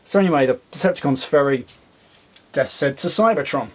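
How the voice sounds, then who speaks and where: A man's voice: a little high, expressive, fairly quick. A man casually reviewing comics, rambling, with fillers and asides.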